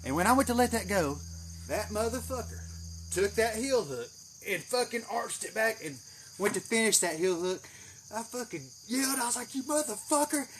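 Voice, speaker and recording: A man with a drawl tells a rambling, profane story and throws in swear words freely. His voice sits fairly high for a man. Faint insects chirp behind him in a greenhouse. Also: normal speed, a little hiss or hum. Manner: profane, animated, swears heavily. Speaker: channel host. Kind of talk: casual storytelling.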